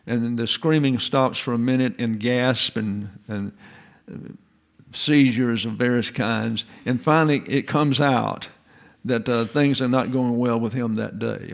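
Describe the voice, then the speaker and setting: A man teaches in a loose, rambling lecture, posing rhetorical questions to his listeners. His voice carries a gravelly rasp at a middling pitch. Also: moderate pace. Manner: folksy, digressive, asks rhetorical questions. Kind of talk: informal lecture.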